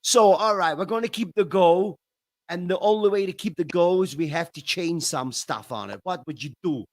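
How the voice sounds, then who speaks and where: A man putting on a brash Chicago-style voice, pushy and loud. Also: high-pitched, normal speed, voice pushed up. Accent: put-on Chicago.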